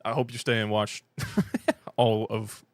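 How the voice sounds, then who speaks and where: British man, fan stream host, low voice, gravelly fry, casual joking chat, dry sound. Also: takes it slowly, no echo. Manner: rambling and joking, self-deprecating, with many restarts. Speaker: fan channel livestream host. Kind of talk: casual livestream chat, reading and answering viewer comments.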